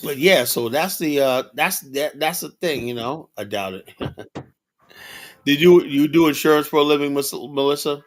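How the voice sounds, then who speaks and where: A man's voice: fairly high pitch, unhurried. A man hosting a livestream show, talking bluntly and casually in a rambling monologue, often adding "you know.".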